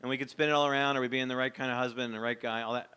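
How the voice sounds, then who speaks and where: Bright, clear-voiced man giving a candid talk. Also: medium pitch, steady tone, racing. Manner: candid, reflective, conversational. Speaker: former pastor speaking to a men's group. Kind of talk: personal talk to a men's gathering.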